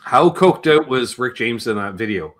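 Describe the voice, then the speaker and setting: A man's voice: medium pitch, expressive, moderate pace. A man with a Canadian accent hosting a casual chat, rambling and jokey with plenty of swearing. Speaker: host. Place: home music room with guitar pedals.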